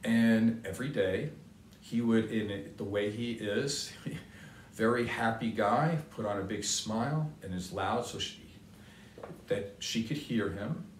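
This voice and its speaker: An older man, a motivational speaker, tells a personal story in an earnest, conversational way and keeps repeating his key points. His voice is fairly low and slow-paced. The recording sounds roomy and distant, with slight background noise.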